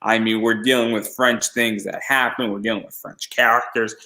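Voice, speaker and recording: Low-ish voiced guy hosting a casual chat, jokes at himself, lots of restarts. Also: little pitch movement, normal speed, bright, forceful tone, low-quality recording. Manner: chatty, self-deprecating, many restarts. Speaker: podcast host.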